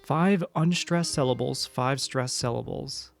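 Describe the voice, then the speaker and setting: Slow-talking streamer chatting to viewers. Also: mid-range voice, creaky, faint music behind. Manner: chatty, muses aloud, reacts to chat and reads along. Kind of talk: casual live-stream chat.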